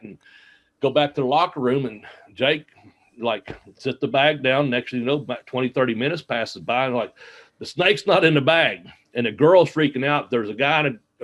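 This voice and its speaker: Rambling man telling road stories. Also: medium pitch. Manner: rambling, lots of fillers and laughter. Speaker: interview guest, former wrestler. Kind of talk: casual storytelling. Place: home, smart speaker nearby.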